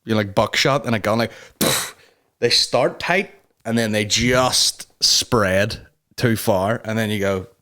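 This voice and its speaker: A man's voice: lowish voice, slow pace, bright, forceful tone. A man hosting a comedy podcast, rambling through a casual rant and swearing constantly.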